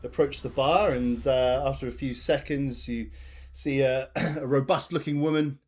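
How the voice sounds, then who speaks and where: A man with a mid-range voice and fairly even intonation narrates as game master of a tabletop game. He rambles, pausing often and restarting frequently.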